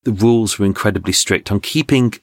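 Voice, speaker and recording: A man, a podcast guest, telling lively stories in conversation with restarts and laughs. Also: lowish voice, brisk, no room sound. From England. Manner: animated anecdotes, frequent laughs and restarts. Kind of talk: storytelling in conversation.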